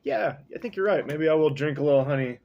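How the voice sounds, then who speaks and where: A man's voice: on the high side, fast talker, gravelly, highs cut off. Slangy, rambling male podcast reader. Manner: slangy, rambling, deadpan asides. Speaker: podcast host reading a novel. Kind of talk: casual book recap and reading.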